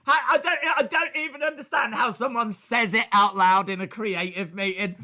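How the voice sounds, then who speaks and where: Bright, high-voiced man joking. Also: normal speed. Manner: animated, jokey, acts out little scenes with shouted bits. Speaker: wrestling reaction streamer. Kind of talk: live watch-along commentary.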